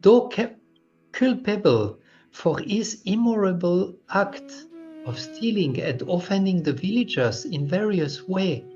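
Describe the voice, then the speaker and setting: A man reading a devotional story aloud, taking it slowly and deliberately. His pitch rises and falls in a lively, sing-song way. The recording is muffled and lo-fi, with faint music playing underneath. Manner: slow, deliberate recitation. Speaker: scripture reader.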